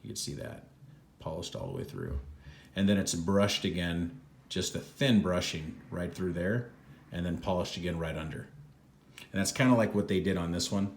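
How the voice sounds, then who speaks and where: Deep-voiced man rambling through a review. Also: normal speed, creaky. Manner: relaxed, rambling, many fillers. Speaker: watch reviewer. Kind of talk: casual product review. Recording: echoey room.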